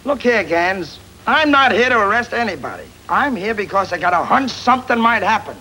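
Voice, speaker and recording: Brash 1940s film cop, high bright bark. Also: male voice, sing-song, a little fast, slight background noise, heavily acted, low-quality recording. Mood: brusque. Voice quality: brusque, forceful. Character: blunt, tough homicide cop. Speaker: police detective.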